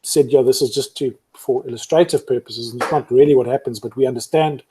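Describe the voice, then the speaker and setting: A man hosting an interview, building up his question slowly with restarts. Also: mid-range voice, dark tone, breathy edge. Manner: measured, builds up a point with restarts. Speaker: host. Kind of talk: interviewer's casual chat.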